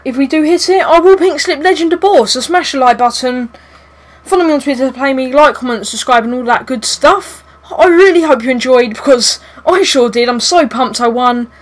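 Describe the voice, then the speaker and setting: Young girl yelling at her football game, high voice, swears a lot, begs and cheers. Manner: swears, begs and shouts at the match. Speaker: gaming YouTuber. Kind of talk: excited gameplay commentary.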